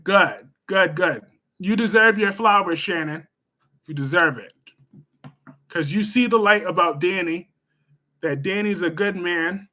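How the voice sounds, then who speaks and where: A man hosts a live stream, chatting with viewers in an animated way. His voice sits high and bright. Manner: chatty, animated, scolds chatters loudly then gushes warmly. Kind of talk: casual live stream chat, reading viewer comments.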